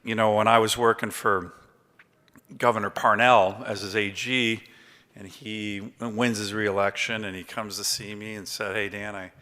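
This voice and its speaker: A man in his fifties gives an award acceptance speech at a banquet. His very bright, crisp voice carries through a large hall with a long reverb, and he rambles through anecdotes with plenty of ums and uhs. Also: on the low side, level tone, a little slow. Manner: chatty anecdotal storytelling with many fillers. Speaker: award recipient giving a speech. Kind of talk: after-dinner acceptance speech.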